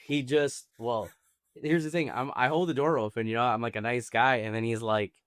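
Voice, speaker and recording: A man's voice: mid-range voice, steady tone, brisk, a bit bright, smooth, dry recording, studio quality. A man co-hosting a podcast, telling a rambling anecdote full of likes and I-don't-knows. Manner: rambling storyteller, lots of like and I don't know. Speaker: podcast co-host. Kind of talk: casual chat.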